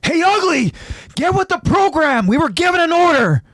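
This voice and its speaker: A brash, impatient teenage boy soldier, put on by a man, barking loud and scolding. The voice is pushed far above a normal speaking pitch. It sounds dry and close to the mic. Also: very animated, moderate pace, no echo, heavily acted.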